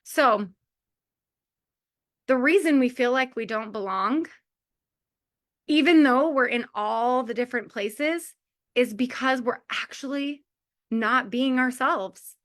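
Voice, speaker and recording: Her voice sits high and a little bright as she takes her time, pausing often, during a heartfelt motivational talk for a community of mothers. She's a woman in her forties who chats freely, says "like" a lot, and laughs frequently.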